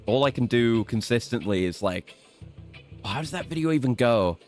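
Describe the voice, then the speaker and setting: Guy streaming a game, rambly, cusses a lot, mid-pitch voice. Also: animated, moderate pace, darkish tone, soft background music. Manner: rambling, swears casually, self-mocking. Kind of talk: casual let's-play commentary.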